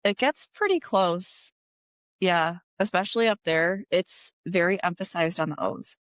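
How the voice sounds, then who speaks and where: A woman's voice: on the low side, unhurried, dry recording. A woman from Wisconsin in her thirties, a guest chatting casually in an interview, laid-back and full of "like" fillers.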